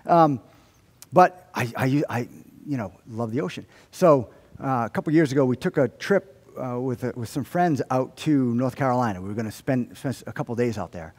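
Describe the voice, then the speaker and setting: A man's voice: mid-range voice, normal speed, in a large hall. A man preaching a sermon as pastor, telling stories with humor and acting out the lines of people in them. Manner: animated storytelling with humor and acted-out quotes. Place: church sanctuary.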